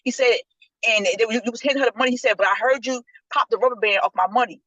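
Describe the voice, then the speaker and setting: Brief: rapid-fire female co-host, animated storyteller, dull dry lo-fi sound. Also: on the high side, slightly rough, no echo. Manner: animated storyteller acting out quotes. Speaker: podcast co-host. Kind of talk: casual group chat, retelling a story.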